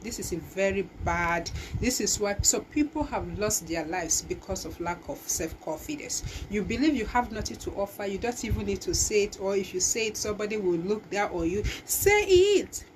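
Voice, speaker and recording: A woman's voice: mid-range voice, moderate pace, few pauses, noisy background. A woman, hosting a motivational talk and exhorting listeners, with frequent restarts. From Nigeria. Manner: emphatic, exhorting, with many restarts. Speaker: talk show host.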